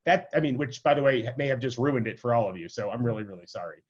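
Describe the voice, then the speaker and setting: The sound is lo-fi, and the voice is a man's, mid-range, expressive, and quick. As a rabbi teaching adults over video call, he keeps the lecture informal and conversational, often saying "right?" and adding self-deprecating asides.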